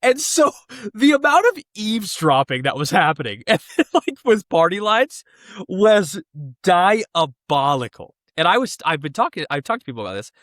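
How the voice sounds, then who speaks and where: A young man co-hosting a podcast in easy, animated chat, his voice sitting a touch high and bouncing all over the place. He laughs often and slips into quoted voices. The sound is close and dry, with no room around it. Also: moderate pace, dry recording. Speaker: podcast co-host. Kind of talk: casual chat.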